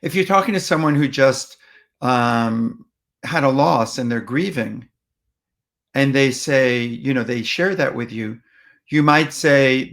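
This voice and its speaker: A man giving a patient, plainspoken explanatory talk on how to speak with upset people and toddlers, often pausing with ums and restarting phrases. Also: medium pitch, a bit bright. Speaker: parenting communication speaker.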